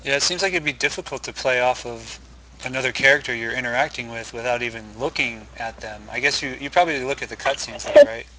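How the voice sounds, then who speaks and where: A man hosts a casual interview, asking questions at an ordinary middle pitch. His manner is relaxed and plain. A steady background noise runs clearly under his voice. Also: fast talker, rough recording. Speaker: interview host.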